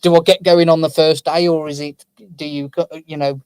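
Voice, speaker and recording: A man's voice: a little high, little pitch movement, a little fast, a little mellow, clean tone, dry recording. A man co-hosting a podcast, joking and asking about the club in a casual chat. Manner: joking, teasing. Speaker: podcast co-host.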